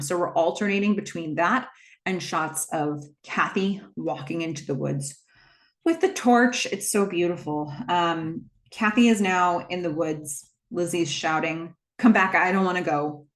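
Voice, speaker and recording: A woman's voice: lowish voice, measured pace. A woman retelling a film scene by scene in a casual recap, with the odd filler. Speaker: movie recap host.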